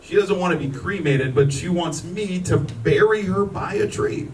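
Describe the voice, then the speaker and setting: A man with a high voice works a stand-up set, joking and indignant and cursing freely. He sounds set back from the mic in a roomy hall, with a crowd laughing around him. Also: moderate pace, recorded from a distance. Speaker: stand-up comedian. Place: lodge hall with live audience.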